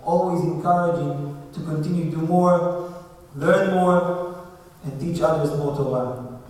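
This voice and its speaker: High-voiced rabbi in an echoey hall. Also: male voice, steady tone, unhurried, darkish tone. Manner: earnest, storytelling with emphatic rises. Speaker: rabbi giving a eulogy. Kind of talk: eulogy sermon. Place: synagogue hall. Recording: distant echoey hall recording.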